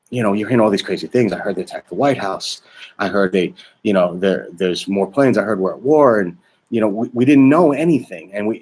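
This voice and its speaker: Middle-aged guy, low deep voice, teacher telling a memory to the camera, lots of ums and pauses. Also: a little mellow, slightly rough. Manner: halting, thoughtful storytelling with frequent pauses and fillers. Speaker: social studies teacher. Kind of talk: personal reflective recollection to camera.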